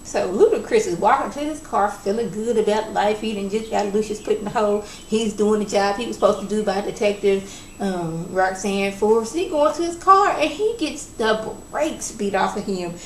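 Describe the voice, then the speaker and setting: A woman's voice: medium pitch, moderate pace. Chatty woman recapping in an echoey room. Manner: animated, acts out characters' lines. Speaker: TV episode reviewer. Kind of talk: casual recap and commentary. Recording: echoey room with faint background noise.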